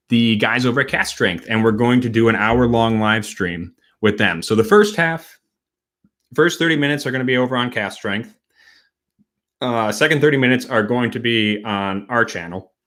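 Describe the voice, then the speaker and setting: A man from Wisconsin hosting a casual late-night livestream, a bit tipsy, rambling and halting as he talks. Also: mid-range voice, a bit bright. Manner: rambling, halting, with many fillers and restarts. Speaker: host.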